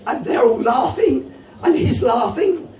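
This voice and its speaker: High-voiced English stand-up comic. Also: male voice, measured pace, shouting. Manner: rambling, animated storytelling with asides. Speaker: stand-up comedian. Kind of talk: open-mic stand-up storytelling. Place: comedy club. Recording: echoey club from a distant mic with music.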